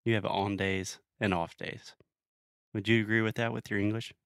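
A man co-hosting a casual language podcast, explaining points clearly with a teasing edge. His voice sits low, and the recording is dry and close with little room sound. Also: little pitch movement, normal speed, no room sound. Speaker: podcast co-host, English teacher. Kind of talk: casual conversational English lesson.

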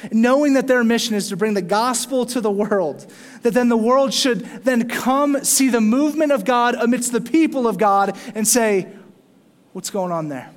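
A man preaching a sermon in a church, animated, with rising emphasis and playful asides to the congregation. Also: extremely high pitch, normal speed. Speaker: pastor. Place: church sanctuary. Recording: long hall reverb.

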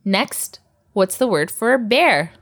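A woman's voice: mid-range voice, lively intonation, slow pace, a bit bright. A woman teaching a recorded language lesson, patiently drilling words and laughing often.

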